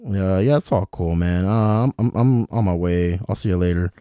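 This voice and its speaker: A man voicing a laid-back young male elf who talks in a slow, hesitant drawl. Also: low voice, mellow, smooth, no echo, close to an everyday voice.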